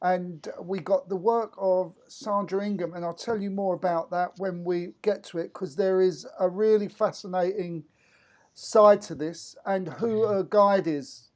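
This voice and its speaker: A man co-hosting as a medium, chatting over a video call in a relaxed, rambling way with many fillers. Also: high voice, measured pace. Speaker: medium and co-host.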